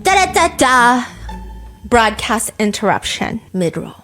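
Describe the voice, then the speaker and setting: A woman hosting a podcast, telling a story in a casual, animated way and laughing often. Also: on the high side, unhurried, soft background music. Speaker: podcast host.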